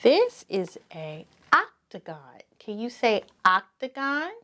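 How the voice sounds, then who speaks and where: Slow, sing-song preschool teacher woman. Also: fairly high pitch, big pitch swings, fairly bright tone. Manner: repeats each word slowly for children to echo, encouraging.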